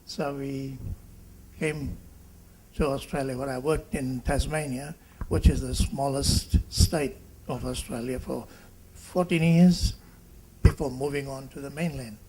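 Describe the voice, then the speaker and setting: A man in his seventies from Fiji, a doctor giving a halting reunion speech that turns into an animated patient story. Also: medium pitch, breathy edge, rough recording. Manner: halting, with restarts and animated quotes.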